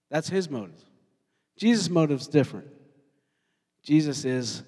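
A male pastor preaching a sermon, talking in an animated way and putting questions to his congregation. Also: fairly high pitch, a little slow, long pauses. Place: church sanctuary. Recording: long hall reverb.

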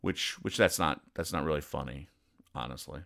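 A man's voice: very deep voice, moderate pace, vocal fry, fairly bright tone. A man hosting a comedy show, explaining comic strips in a dry, sarcastic way and briefly acting out the characters' lines. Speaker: comedy podcast host. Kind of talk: deadpan comic strip commentary.

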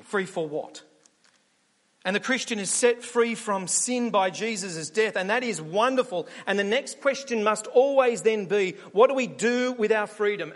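A man preaching a sermon, telling stories and asking rhetorical questions. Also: high-pitched. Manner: animated storytelling with rhetorical questions. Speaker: pastor. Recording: long hall reverb.

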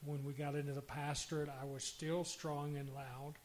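An older man, a former pastor and panel guest in a church, slowly and earnestly telling a story from his marriage. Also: fairly high pitch, level tone, a little hiss or hum. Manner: slow, reflective, earnest. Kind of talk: personal storytelling.

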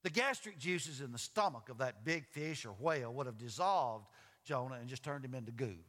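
A man's voice: medium pitch, expressive, moderate pace, fairly bright tone, long reverb tail. A man preaching a sermon in an emphatic way, asking his listeners questions and reading scripture. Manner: emphatic, asks the audience questions. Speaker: pastor.

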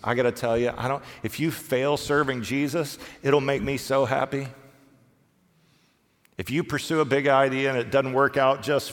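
A middle-aged male pastor delivers a sermon in a relaxed, conversational manner, slipping into little acted-out voices of the people he describes. His pitch sits in an ordinary middle range for a man. The sound carries the long reverb of a church sanctuary. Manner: conversational preaching, acts out quoted voices, pitch swings widely.

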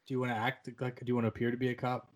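A man's voice: mid-range voice, completely flat delivery, racing. A man co-hosting a podcast about a film, talking casually with a wry, profane tone and mock-formal announcements. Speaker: podcast co-host.

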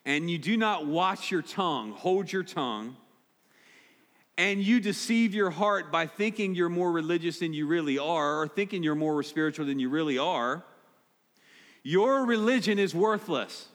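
Direct, emphatic pastor in a reverberant hall. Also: male voice, a little high, lively intonation, a little slow, fairly bright tone. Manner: direct, emphatic, repeats key words. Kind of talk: sermon. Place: church sanctuary.

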